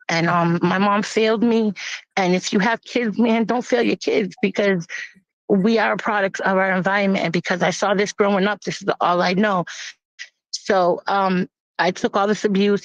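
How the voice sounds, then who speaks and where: A woman's voice: medium pitch, no echo. Woman telling a grave story, dull recording. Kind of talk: personal testimony, casual storytelling. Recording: dull lo-fi, dry.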